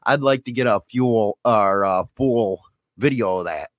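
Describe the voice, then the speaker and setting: A man's voice: fairly low pitch, unhurried, no echo. A man co-hosting a casual podcast, rambling and making crude jokes. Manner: joking, rambling, bawdy. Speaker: podcast co-host.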